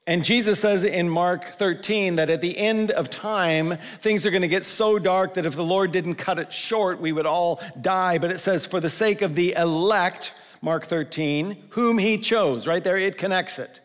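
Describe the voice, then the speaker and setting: A male pastor giving a conversational sermon, slowing down to stress the scripture he quotes. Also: high voice, in a large hall. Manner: conversational preaching, quotes scripture with slowed emphasis.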